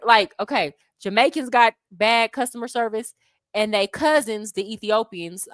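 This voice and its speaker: An American woman hosting a casual livestream, chatting with viewers in loose slang and calling them "y'all". Her voice has a middle pitch and swings a lot between high and low. She laughs often, and the dry sound has little room around it. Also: fairly bright tone, dry recording. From United States. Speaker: expat travel livestream host. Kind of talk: casual livestream chat, answering viewer comments. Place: Colombia, living abroad.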